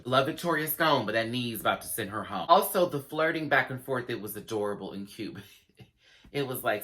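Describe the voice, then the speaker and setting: A man giving a casual, sassy review of a show, acting out quotes in dramatic voices and laughing often. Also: fairly quick. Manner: sassy, animated, acts out quotes with big pitch jumps.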